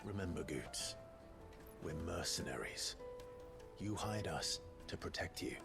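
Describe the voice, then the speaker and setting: An actor playing a steady mercenary leader in a video game, giving calm, clipped orders over game music. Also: male voice, low voice, measured pace, gravelly, heavily acted. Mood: commanding.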